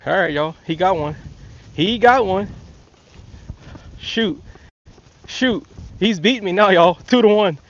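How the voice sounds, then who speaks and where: Male host, laid-back drawl, raspy fry, outdoor stream with muffled lo-fi audio. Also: high voice, slow, pauses often, a little hiss or hum. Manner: laid-back, drawling, shouts to his father. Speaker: fishing livestream host. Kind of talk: casual livestream chat. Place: outdoors by a lake bank.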